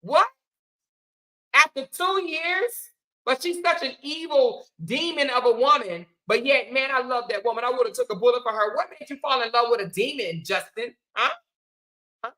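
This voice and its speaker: A woman's voice: high voice, moderate pace, rough recording. A woman giving heated, rhetorical commentary, firing off questions and emphatic asides. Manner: animated, rhetorical, emphatic, colloquial. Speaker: commentary host. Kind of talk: opinionated commentary.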